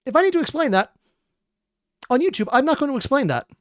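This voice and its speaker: A reaction host talks in a casual, rambling, amused way, the pitch jumping animatedly. The voice sounds close and dry, with no room around it. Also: very animated, fast, dry recording.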